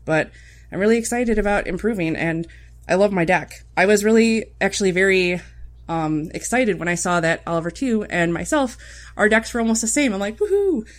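A woman's voice: mid-range voice, brisk. A woman co-hosting a casual podcast, reflecting in an upbeat way, often restarting her sentences. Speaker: podcast co-host.

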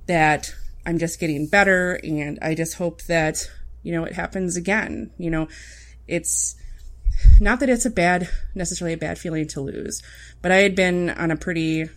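A woman co-hosting a casual podcast, reflecting in an upbeat way, often restarting her sentences. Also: low-pitched. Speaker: podcast co-host.

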